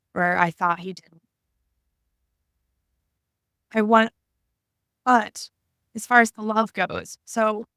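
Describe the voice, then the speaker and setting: A woman in her thirties talking to camera about her own past, halting and emotional, often searching for words. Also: medium pitch, a bit bright, smooth, no echo, clean studio sound. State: tearful at times. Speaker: vlogger. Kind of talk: personal reflective talk to camera.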